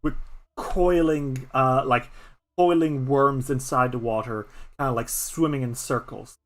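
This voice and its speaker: A streamer narrating a solo tabletop game, with many halting fillers. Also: medium pitch, fairly even intonation. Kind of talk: improvised story narration.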